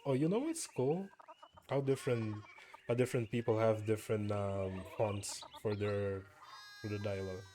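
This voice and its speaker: A man's voice: lowish voice, normal speed, mellow, slight background noise. A young man streaming a story game, reading all the dialogue aloud and adding wry asides. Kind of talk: let's play commentary.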